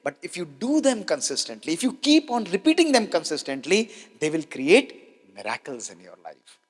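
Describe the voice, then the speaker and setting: A man's voice: a little high, very animated, normal speed, breathy edge. A man gives a motivational health talk to an audience, emphatic and repeating key lines, with rhetorical questions. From India. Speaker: doctor giving a health talk. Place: large hall with an audience. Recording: long hall reverb.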